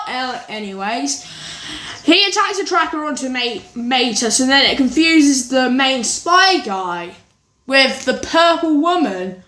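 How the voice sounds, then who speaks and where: High bright-voiced woman from england rambling about movies in her kitchen, echoey room. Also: expressive, takes it slowly. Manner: rambling, scatterbrained, lots of "anyways" and restarts. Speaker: vlogger. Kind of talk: casual movie ranking chat. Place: home kitchen. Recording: echoey kitchen with faint birds.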